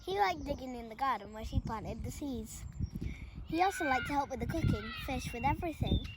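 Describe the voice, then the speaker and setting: A woman reads a children's picture book aloud, lively and expressive. Her voice sits slightly high. A heavy bed of noise runs under the recording. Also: a little fast. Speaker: storybook reader. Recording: loud background noise.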